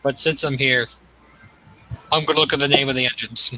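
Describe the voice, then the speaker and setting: A man hosting a gaming channel, chatting casually and excitably, thinking aloud with lots of fillers. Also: mid-range voice, brisk, a little hiss or hum, poor audio. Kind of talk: casual chat while gaming.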